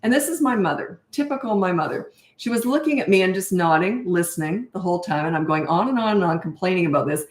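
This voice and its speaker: A woman in her sixties with a fairly low voice, chatting through a casual parenting Q&A. She tells stories in a loose, rambling way, full of fillers and little laughs. The sound is roomy, with the room's echo plainly heard. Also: expressive, quick pace, hardly any pauses. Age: 60s. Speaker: parenting coach. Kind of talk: casual livestream Q&A.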